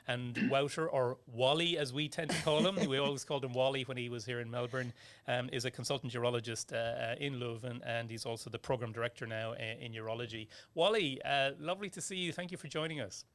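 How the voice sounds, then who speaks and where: A man's voice: mid-range voice, steady tone, fast talker, fairly bright tone. Irish man hosting, full of fillers. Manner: hesitant, many fillers. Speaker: podcast host. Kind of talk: casual podcast chat. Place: Melbourne studio.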